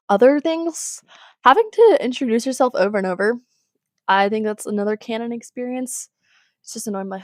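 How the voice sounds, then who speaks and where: A woman's voice: mid-range voice, a little mellow, no room sound, clean studio sound. A teenage girl hosting a podcast, giving casual advice in a chatty, rambling way with sighs and exasperated asides. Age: teens. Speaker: podcast host.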